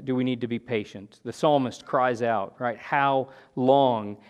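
A man preaching an expository sermon in an earnest manner, often asking "right?" and restarting his phrases as he explains. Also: mid-range voice.

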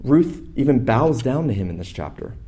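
A man's voice: mid-range voice, sing-song, normal speed. Man preaching a sermon in rhythmic lists. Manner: builds from quiet to loud emphatic preaching. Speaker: pastor.

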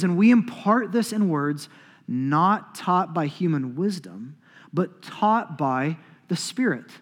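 A middle-aged man preaching a sermon, emphatic, swinging between loud declarations and hushed asides. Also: high-pitched, breathy edge. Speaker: pastor. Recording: long hall reverb.

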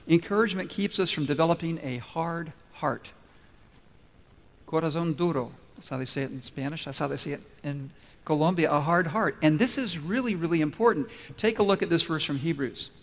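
A pastor delivering a sermon to his congregation, illustrating his points with stories and acted-out voices. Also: a little high. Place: church sanctuary. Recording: long reverb of a church hall.

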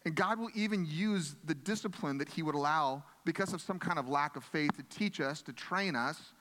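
A man's voice: a little high, moderate pace, pushed and bright, in a large hall, a little hiss or hum. A pastor preaching a sermon in an earnest, conversational way, often restarting his phrases.

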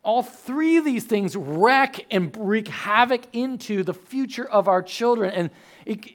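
Chatty, animated pastor preaching. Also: male voice, high voice, measured pace. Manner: chatty storyteller, animated with sudden loud outbursts. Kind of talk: sermon.

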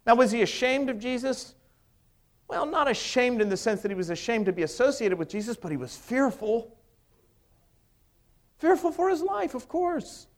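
A man's voice: extremely high pitch, big pitch swings, moderate pace, long pauses. A middle-aged male pastor preaching a sermon, emphatic, with many rhetorical questions.

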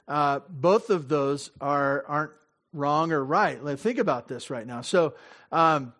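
A man's voice: fairly high pitch, unhurried, a bit bright. A man giving a conversational sermon as pastor, self-interrupting, often laughing, acting out small dialogues, and asking the audience questions. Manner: asks the audience direct questions.

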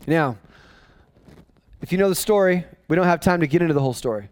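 A man, a pastor, preaching a sermon in an animated way, repeating and restarting phrases as he drives his points home. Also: on the high side, fast talker, dry recording. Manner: animated, acting out voices of people in the story.

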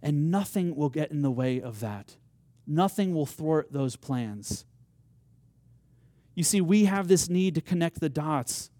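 A man's voice: on the high side, expressive, measured pace, mellow, dry recording. A man preaching a sermon, telling a story with rising emphasis and acted-out quotes. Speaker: pastor.

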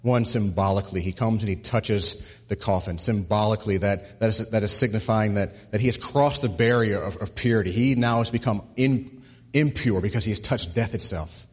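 A male pastor delivers a sermon in a church sanctuary. His voice is husky and a touch breathy, and it carries a long reverb through the big room. He repeats words as he builds to a point, then drops low and soft on the key lines. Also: normal speed.

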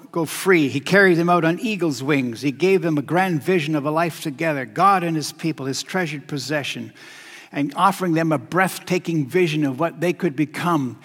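A male preacher giving a sermon, measured and repetitive, often dropping to a quiet, weighty emphasis. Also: on the high side, slightly rough. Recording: long hall reverb.

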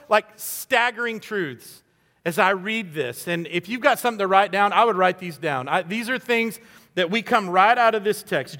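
Bright-voiced male pastor preaching. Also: high-pitched, long reverb tail. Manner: earnest, conversational, acts out quoted voices. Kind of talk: sermon.

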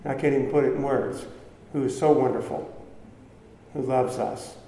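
A man's voice: medium pitch, steady tone, normal speed, warm tone, a little hiss or hum. A man preaching a sermon in an earnest, conversational way, often restarting phrases and acting out quoted voices. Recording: echoey hall with faint ambience.

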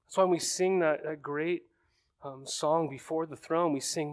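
Speaking at a normal speed with fairly even intonation, this thirtysomething pastor has a slightly high voice. His sermon is conversational, peppered with rhetorical questions to check in with the audience.

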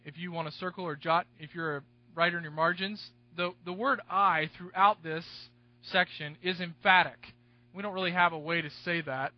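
A man preaching an expository sermon to his congregation, stressing key words loudly and then dropping into hushed asides. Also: sits high, no room sound. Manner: emphatic, swinging between loud stresses and hushed asides. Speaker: pastor. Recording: dull, dry, slightly lo-fi recording.

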